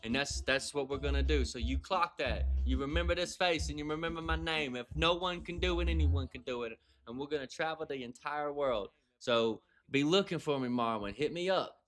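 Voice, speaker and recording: A man's voice: on the high side, a little fast, hardly any pauses, fairly bright tone. A man hosting a livestream in casual chat, joking, swearing and laughing often. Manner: playful, profane, laughs often. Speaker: livestream host.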